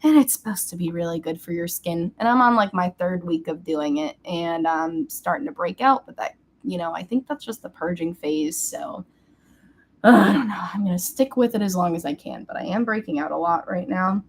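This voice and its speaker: A woman's voice: on the low side, normal speed. Bubbly young woman chatting to webcam. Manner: chatty and bubbly, squeals at comments and her cat. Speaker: beauty vlogger. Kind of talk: casual get-ready-with-me chat.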